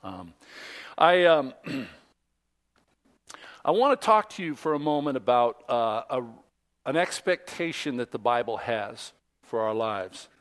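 A man in his fifties, a pastor, giving a conversational sermon, telling a story in a relaxed way with many ums and light jokes. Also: mid-range voice, a little slow, long pauses.

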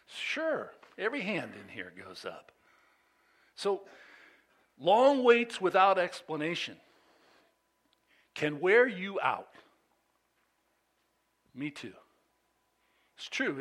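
Male pastor, sermon delivery, slow and bright-toned, swells when reading scripture. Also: sits high. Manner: reads scripture with rising intensity, conversational asides to congregation.

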